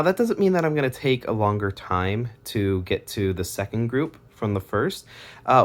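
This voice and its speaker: A young man giving a home music lesson in his kitchen, explaining step by step and chanting words in rhythm. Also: on the low side. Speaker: music teacher.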